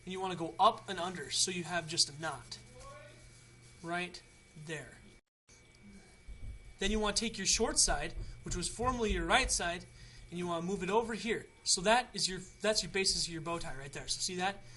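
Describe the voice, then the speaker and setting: Bright-voiced young man, chatty tutorial. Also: high-pitched, normal speed, slight background noise. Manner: rambling, chatty, many restarts. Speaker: tutorial host. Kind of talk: casual how-to video.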